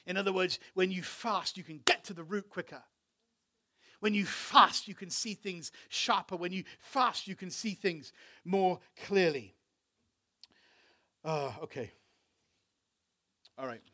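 Male pastor, high voice, fervent sermon delivery that swells loud, repeats himself and restarts lines. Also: unhurried, pauses often. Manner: impassioned, building to loud emphatic preaching; repeats words and restarts phrases.

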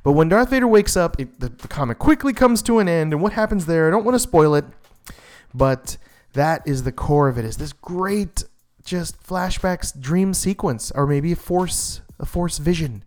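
A man's voice: on the high side, animated, normal speed. A man giving a casual, enthusiastic comic book review, rambling with many fillers and restarts.

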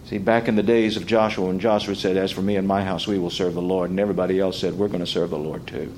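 A man preaching an expository sermon, dropping quiet and then rising loud and mocking as he acts out quoted taunts. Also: deep voice, little pitch movement, quick pace, a little hiss or hum, poor audio.

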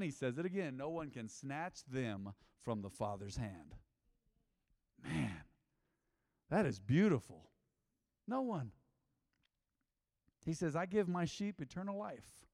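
A man's voice: on the high side, sing-song, measured pace, long reverb tail. A man preaching a sermon as a pastor, emphatic and full of rhetorical questions.

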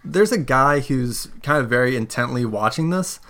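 A man's voice: medium pitch, moderate pace. Laid-back man running a tabletop game. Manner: relaxed, filler-heavy narration with quoted voices. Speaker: game master.

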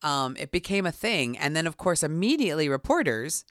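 A woman's voice: low-pitched, fairly quick, no echo. Woman telling a story on a podcast, acts out the quotes, dry close sound. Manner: animated, acts out quotes, many "like"s. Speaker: podcast host. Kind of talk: storytelling chat.

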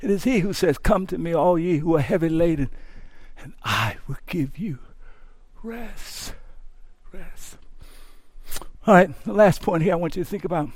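A male pastor preaching a sermon, moving from hushed, tender lines to impassioned shouting and often repeating words as he builds up. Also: a little high, expressive, a little fast, no room sound.

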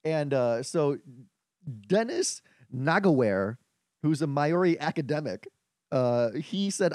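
A man co-hosting a comedy podcast, reading news stories with wry, deadpan asides in casual chat. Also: a little high, slow pace, dry recording, studio quality. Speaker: podcast co-host.

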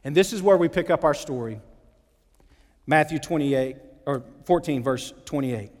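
Preacher man in a reverberant hall. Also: normal speed. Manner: animated, acts out quotes with shifting pitch and volume. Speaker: pastor. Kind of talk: sermon. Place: church sanctuary.

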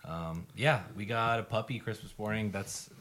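A man's voice: fairly low pitch, normal speed, a bit bright. A man chatting casually with family, hesitant with fillers and dry humor. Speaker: family member.

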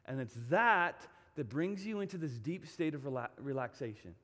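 A man's voice: a little high, big pitch swings, moderate pace, a bit bright, in a large hall. A male pastor preaching a sermon in a church, telling stories and repeating phrases for emphasis.

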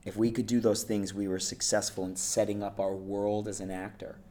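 A man with a fairly low voice, speaking as an acting coach. He is conversational and animated, and often checks in with his listener. The tone is casual interview talk. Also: moderate pace. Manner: animated, conversational, lots of "right?" and "you know".

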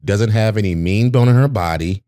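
A man in casual conversation, telling stories with animated, acted-out quotes. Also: normal speed, dry recording. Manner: animated storyteller, acts out quotes in a high voice. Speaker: podcast co-host. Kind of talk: casual storytelling chat.

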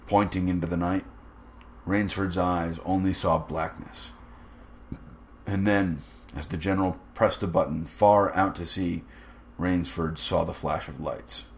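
A man reading a story aloud in a measured, even narrating manner. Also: deep voice. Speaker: reader.

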